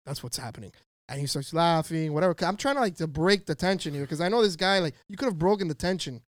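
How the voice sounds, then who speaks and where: Animated, slangy man telling a story. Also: fairly high pitch, fast, no room sound. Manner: animated, slangy, profane, acts out quoted voices. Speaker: podcast co-host. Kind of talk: casual storytelling chat.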